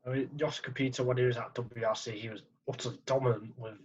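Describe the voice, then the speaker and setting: Halting male podcast co-host, husky voice, dull lo-fi sound. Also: medium pitch, steady tone. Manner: halting, stumbles over words. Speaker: podcast co-host presenting news. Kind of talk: casual podcast chat. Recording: dull lo-fi audio.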